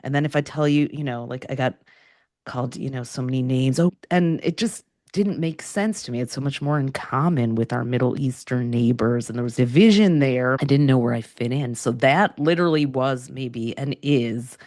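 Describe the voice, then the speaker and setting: Middle-aged woman host, deep voice, earnest reflective chat, dry close sound. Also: normal speed, darkish tone, no echo. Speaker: podcast host. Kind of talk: casual chat.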